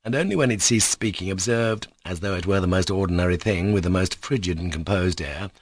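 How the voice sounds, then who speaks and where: A man narrating a classic novel in a steady, even storytelling manner. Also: low voice, brisk. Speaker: audiobook narrator. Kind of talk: scripted narration.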